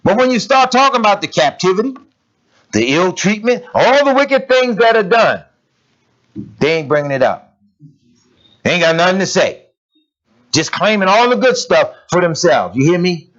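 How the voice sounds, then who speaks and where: Fiery, high-pitched man preaching with swooping emphasis. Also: big pitch swings, moderate pace, long pauses, fairly bright tone. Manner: emphatic, fiery rhetorical questions, blunt casual phrasing. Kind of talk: sermon. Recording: dull lo-fi recording.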